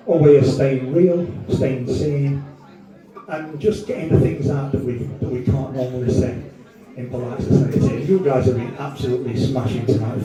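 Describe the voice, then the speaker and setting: A man doing a crude, rambling, self-mocking stand-up set in a comedy club. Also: mid-range voice. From Wolverhampton. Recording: echoey room, far from mic.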